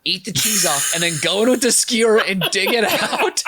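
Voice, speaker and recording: A man on a comedy podcast, talking excitably with many restarts. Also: high voice, moderate pace, husky, no echo. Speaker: podcast contestant. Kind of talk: casual comedic chat.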